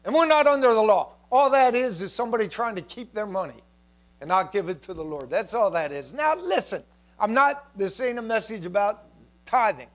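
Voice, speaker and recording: A man with a notably high voice delivers a sermon as a pastor in church. His preaching is conversational and relaxed, full of asides and light jokes to the congregation. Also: a little fast.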